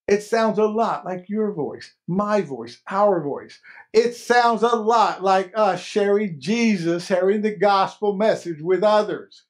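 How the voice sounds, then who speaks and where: A man's voice: sits high, animated, slow. A man preaching a sermon as pastor, earnest and emphatic, repeating key phrases.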